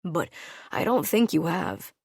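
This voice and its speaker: A woman voicing a gruff, brooding male wolf-shifter alpha in an audiobook, speaking curtly in a low, grim tone. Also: big pitch swings, a little slow, a little mellow, no echo, studio quality, heavily acted.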